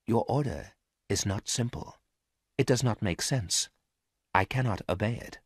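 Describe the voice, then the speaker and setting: A man reading a story aloud and voicing a calm, logical male robot who speaks quietly and softly. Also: fairly low pitch, normal speed, dry recording, studio quality. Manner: quiet, soft, flat and logical.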